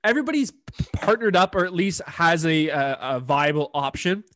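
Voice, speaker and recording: A young man co-hosting a podcast, agreeable and quick to laugh as he chimes in. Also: on the high side, animated, a bit bright, no echo, studio quality. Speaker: podcast co-host. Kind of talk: casual recap chat.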